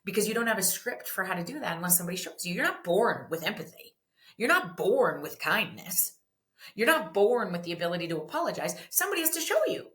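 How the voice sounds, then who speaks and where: Animated woman guest in an echoey room. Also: mid-range voice, fast talker. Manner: lively, acts out parent and child voices. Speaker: guest author. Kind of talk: animated interview talk with acted-out dialogue.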